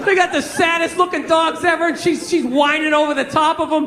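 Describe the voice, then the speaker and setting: Ranting, high-voiced stand-up comedian. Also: male voice, fairly even intonation, brisk, sharp tone, a faint crowd, a little hiss or hum. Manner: ranting, exasperated, profane. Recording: live show with audience laughter.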